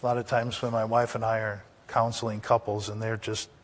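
A man's voice: lowish voice, flat delivery, fairly quick, a little hiss or hum. An older man, a pastor, preaching a sermon in a folksy, anecdotal way, asking the congregation rhetorical questions.

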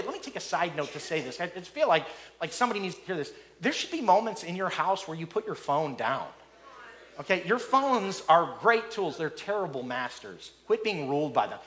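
High-voiced animated male preacher. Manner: animated, repeats words, acts out quoted speakers. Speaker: pastor. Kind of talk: sermon.

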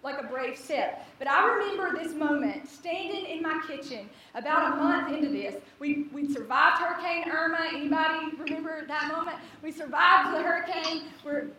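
Young woman, high voice, animated storyteller, laughs often, far from mic in a big echoey hall, audience. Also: normal speed, few pauses, crowd noise. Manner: animated, laughing, acts out quotes. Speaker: speaker telling a personal story. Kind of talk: storytelling talk to a live audience.

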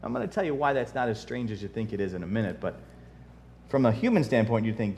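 A man preaching a sermon as pastor, folksy and joking, swinging from soft asides to loud emphatic repetition and reading scripture aloud. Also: on the low side, big pitch swings, fast, slight background noise. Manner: folksy humor, reads King James scripture aloud.

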